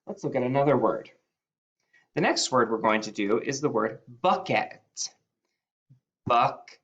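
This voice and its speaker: In a muffled recording, a male first-grade teacher patiently teaches phonics, sounding out letters individually and lifting his voice on key words. He speaks at medium pitch and moderate pace, animated and fairly bright in tone.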